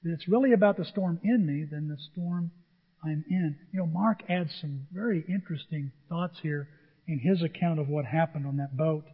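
High, husky-voiced preacher in a hall. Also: male voice, moderate pace, phone-quality sound. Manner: animated storytelling with acted-out voices. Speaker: pastor. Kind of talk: sermon.

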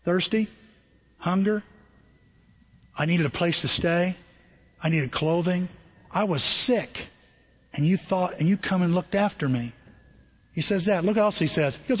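A man's voice: sits high, unhurried, long pauses, husky. A man preaching a sermon as a pastor, talking conversationally and asking the congregation questions. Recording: lo-fi with long hall reverb.

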